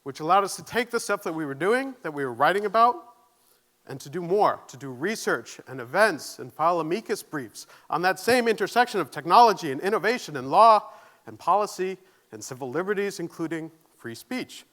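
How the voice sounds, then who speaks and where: Man, keynote speaker, high and bright, nervous but earnest on a stage mic. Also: expressive, a little fast. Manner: earnest, self-deprecating, audience questions. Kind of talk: conference keynote talk. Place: conference stage.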